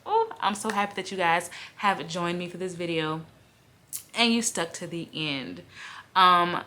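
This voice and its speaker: A woman reviewing romance books in a casual vlog, chatty and emotional, often saying "y'all" and laughing as she gushes. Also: lowish voice. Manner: gushing and animated, laughs while talking. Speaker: book vlogger.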